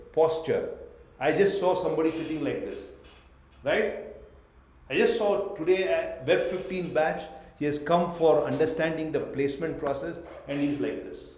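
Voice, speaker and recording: A man's voice: a little high, darkish tone. Male corporate trainer teaching over a webcam, punchy lists, roomy echo. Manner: emphatic, lists points in short bursts; asks the class questions. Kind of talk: online training lecture. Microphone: webcam on a video call.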